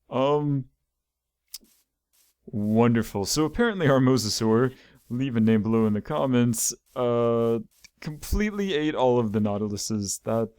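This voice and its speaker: A man's voice: lowish voice, darkish tone, smooth, no room sound, clean studio sound. Chatty male gaming commentator. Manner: rambling, repeats words while thinking aloud. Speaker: gaming video host. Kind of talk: video game commentary.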